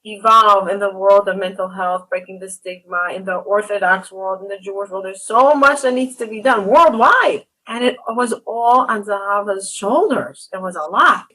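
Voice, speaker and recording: A woman's voice: mid-range voice, sharp tone, rough recording. A woman hosting an interview, telling a story earnestly and with animation, acting out what others said. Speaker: podcast host. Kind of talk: emotional interview conversation.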